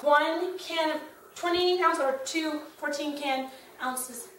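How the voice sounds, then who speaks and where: A woman's voice: high-pitched, slight background noise, low-quality recording. A woman hosting a home cooking video, chatting playfully with jokey asides while she chops and stirs in her kitchen. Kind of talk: casual cooking demo.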